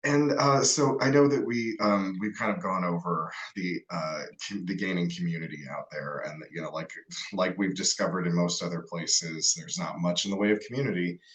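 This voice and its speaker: A man's voice: low voice, normal speed, fairly bright tone, roomy sound, poor audio. A man hosting a podcast, asking questions in an easygoing, rambling way. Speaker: podcast host. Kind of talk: casual interview.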